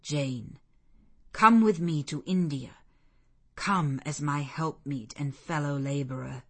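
A woman reading the part of a stern, zealous male missionary clergyman in a deep, relentless, commanding manner. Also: slow, breathy edge, exaggerated voice. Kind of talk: audiobook character voice.

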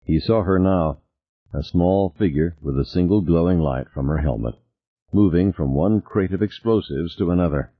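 Deep, husky male audiobook narrator. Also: moderate pace. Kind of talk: scripted narration. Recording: tinny lo-fi recording.

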